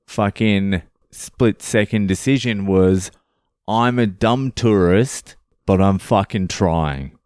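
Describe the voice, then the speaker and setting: Low-voiced sweary Australian man. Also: no room sound, clean studio sound. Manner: sweary, blunt and joking. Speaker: podcast host. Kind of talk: casual storytelling monologue.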